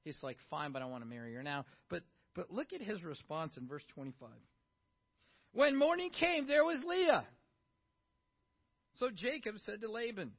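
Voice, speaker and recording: At a moderate pace with frequent pauses, a high-voiced, middle-aged pastor preaches conversationally. Questions to the congregation keep coming as he swings from quiet remarks to lively moments, captured in slightly dull, lo-fi sound.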